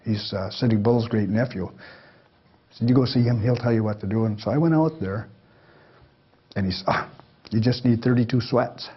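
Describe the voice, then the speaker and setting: A man's voice: lowish voice, moderate pace, long pauses, breathy edge. An older man telling life stories to an audience in a folksy, rambling way that keeps breaking into chuckles. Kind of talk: storytelling talk. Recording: dull lo-fi lecture recording.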